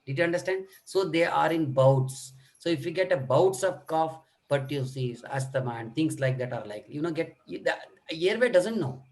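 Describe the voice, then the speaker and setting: Animated and at a moderate pace, a middle-aged man with a fairly high pitch teaches an online workshop on kids' coughs. The pediatric lecturer acts out coughs and speaks with lots of fillers.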